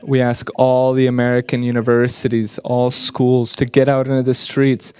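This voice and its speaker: A man giving an earnest, slightly halting English voice-over interpretation of speakers at a conference. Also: medium pitch, monotone, a little mellow, clear, resonant tone.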